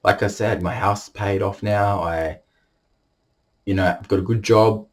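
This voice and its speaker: A young man telling a personal story to the camera, halting and emotional, holding back tears. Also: fairly low pitch, fairly even intonation. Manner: halting, emotional, many restarts.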